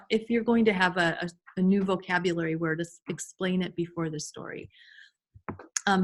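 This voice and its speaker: A woman giving an informal online class to teachers over a video call, chatty with frequent restarts and fillers. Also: medium pitch. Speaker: early childhood trainer.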